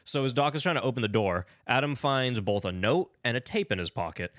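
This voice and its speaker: Young guy ranting about a movie, lively swings in pitch, dry close sound. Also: a little fast, no echo. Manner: animated, swearing, mocking impressions. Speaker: podcast co-host recapping a movie. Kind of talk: casual chat.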